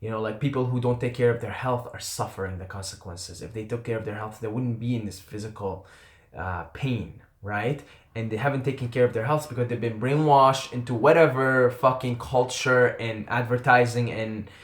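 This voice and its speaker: A man's voice: medium pitch, steady tone, moderate pace. A man telling a personal story to camera in a casual, earnest and intense way, often trailing off and swearing. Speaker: vlogger. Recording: roomy echo.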